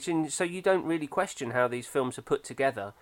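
A man's voice: medium pitch, lively intonation, brisk. A man, chatting about films in a thoughtful, opinionated way with frequent fillers. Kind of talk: casual film discussion.

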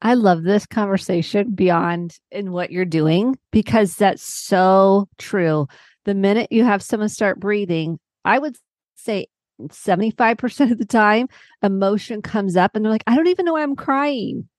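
A woman psychotherapist, a guest on a podcast, explaining her work in a lively way and acting out her clients' voices. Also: medium pitch, a little slow, no echo. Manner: animated, acts out clients' voices. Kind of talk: conversational podcast interview.

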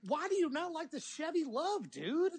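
A man co-hosting a podcast, arguing in an excitable, emphatic way and calling the others sir. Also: extremely high pitch, moderate pace. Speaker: podcast co-host. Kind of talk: heated casual banter.

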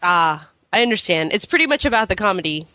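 A giggly, enthusiastic woman hosts a casual podcast chat. Her voice is bright and forward, and it sounds dry and close with no room around it. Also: medium pitch, expressive, fast talker, no room sound. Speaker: podcast host.

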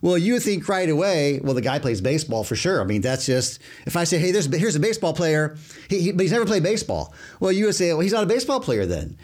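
A man's voice: a little high, very animated, quick pace, a little mellow. A man discussing Scripture with a pastor. He talks emphatically, illustrates with everyday examples and repeats words as he goes. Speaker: co-host. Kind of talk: conversational Bible discussion.

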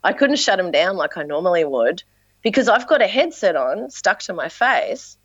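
A woman with an Australian accent, a dance teacher and performer, telling animated stories in casual podcast chat. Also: lowish voice, normal speed, no echo, highs cut off. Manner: animated storyteller, acts out quotes.

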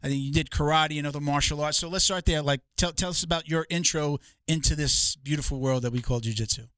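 A man's voice: on the high side, quick pace, a bit bright, smooth, no echo. A man hosting a podcast, asking questions in a chatty, casual way. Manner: chatty, laughs along. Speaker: podcast host. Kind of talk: casual interview.

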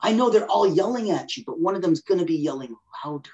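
A man's voice: high voice, animated, quick pace, darkish tone, muffled recording. A man as a guest on a podcast interview, explaining with energy and acting out inner voices. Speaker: guest expert.

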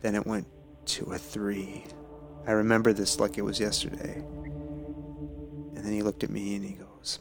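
A man's voice: lowish voice, level tone, moderate pace, pauses often, soft background music. Swearing, laughing man in his forties. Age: 40s. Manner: laughs hard and swears freely. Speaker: podcast co-host. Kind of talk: casual chat.

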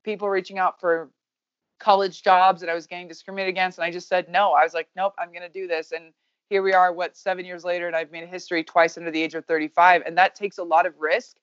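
A woman in her thirties, a baseball coach, talks as a guest in a candid, energetic way and swears casually. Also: on the low side, fast, smooth, no echo, highs cut off. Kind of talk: candid podcast conversation.

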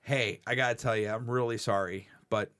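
A man co-hosting a podcast, telling animated stories in casual chat and swearing freely. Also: on the low side, normal speed. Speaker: podcast co-host.

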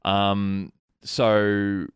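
A man hosting a casual podcast chat, rambling and animated, his voice sometimes trailing off into mutters. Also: fairly low pitch, very slow, clear, resonant tone, no echo, clean studio sound. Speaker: podcast host. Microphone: studio mic.

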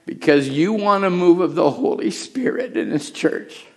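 A middle-aged man preaching a sermon as pastor, telling a story with hushed asides and raised, urgent lines. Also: high voice, animated, normal speed. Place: church.

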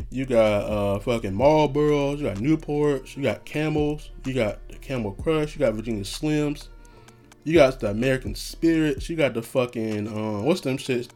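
A man's voice: mid-range voice, darkish tone. A young man hosting a casual solo podcast, talking in a laid-back, profane way and laughing often. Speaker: podcast host.

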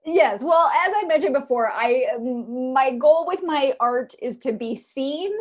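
A woman's voice: sits high, unhurried. A woman guest on a comedy podcast, answering roast questions in a matter-of-fact, insistent way. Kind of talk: deadpan comedic reply.

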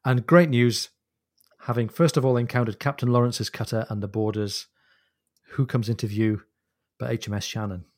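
A man co-hosting a book podcast, retelling a novel's scenes in a lively storytelling way. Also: mid-range voice, moderate pace, dry recording, clean studio sound. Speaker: podcast co-host. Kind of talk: casual book discussion.

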